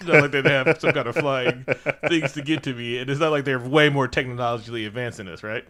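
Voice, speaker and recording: A man's voice: mid-range voice, fairly quick. A man co-hosting a podcast, recapping a film in casual chat and acting out the characters with laughter. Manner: animated, acts out characters with laughs. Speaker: podcast co-host. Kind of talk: casual movie review chat.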